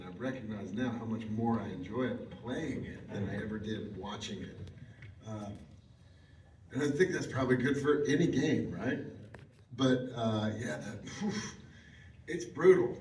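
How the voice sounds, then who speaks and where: A man's voice: mid-range voice, darkish tone. A man on a convention panel chats in a loose, rambling way and laughs at himself often. His voice comes from far off through the PA of a large, echoing hall. Faint ambient noise hangs underneath. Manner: laughs easily, rambling and self-deprecating. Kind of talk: casual panel talk. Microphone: handheld mic through speakers, recorded from the audience.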